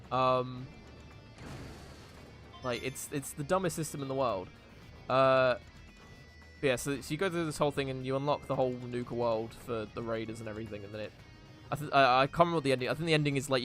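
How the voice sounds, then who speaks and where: A live streamer plays a video game while chatting casually, rambling with lots of fillers and restarts. His medium-pitched voice has a bit of brightness.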